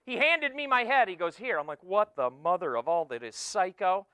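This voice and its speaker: A man in his forties giving an energetic motivational keynote talk to students, joking and teasing the crowd, swinging from loud bursts to hushed asides. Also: high voice, normal speed, smooth, dry recording. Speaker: keynote speaker. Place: conference hall with a student audience.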